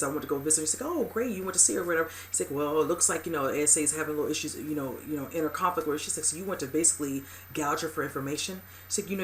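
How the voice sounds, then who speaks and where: A host talks through a TV episode at a brisk clip, piling up fillers as they go. The voice sits at a middling pitch, and the delivery is loose and rambling, with emphatic exclamations. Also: a bit bright, slight background noise. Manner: rambling, heavy use of "you know" and "whatever"; emphatic, exclaiming at upsetting scenes. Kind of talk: casual episode recap commentary.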